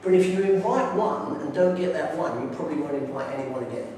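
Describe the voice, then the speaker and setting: A man's voice: a little high, fairly quick, a little mellow, a little hiss or hum. A man giving a conference talk, telling stories about his neighbours in an enthusiastic, direct way. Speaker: conference speaker. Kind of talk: preaching talk with anecdotes. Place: large echoey hall. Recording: echoey hall from far off.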